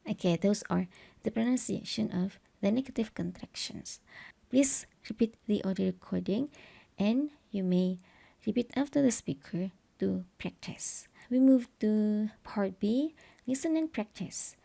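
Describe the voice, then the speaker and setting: Woman, English teacher, careful textbook explanation, gravelly, mellow tone. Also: medium pitch. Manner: slow, careful explanation with stressed example words.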